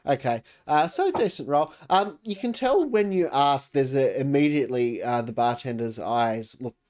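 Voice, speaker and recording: A man running a tabletop game as game master, narrating scenes in a rambling, hesitant way. He pauses on fillers and jokes with the players as he goes. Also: medium pitch, lively intonation, darkish tone.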